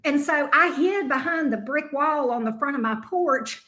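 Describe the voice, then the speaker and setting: Lady w/ high voice, cussing and chatting live from her home tarot room, joking at herself. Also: animated, moderate pace, pushed and bright. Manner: profane, chatty, self-mocking. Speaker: tarot reader. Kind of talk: casual live-stream storytelling.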